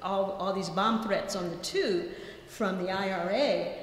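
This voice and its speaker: A woman's voice: mid-range voice, unhurried. A woman giving a conversational academic talk at a colloquium, telling stories with asides. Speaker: guest lecturer. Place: lecture hall. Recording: echoey lecture hall.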